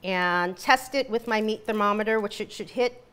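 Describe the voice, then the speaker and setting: A woman's voice: mid-range voice, moderate pace, fairly bright tone, smooth. A woman hosting a live cooking demonstration, chatty and giggly. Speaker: cooking show host.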